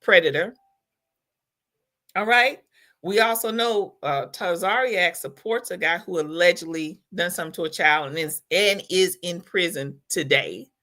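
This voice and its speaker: A woman's voice: lowish voice, measured pace, sharp tone. A woman host reacting to a video in casual commentary, incredulous and scolding.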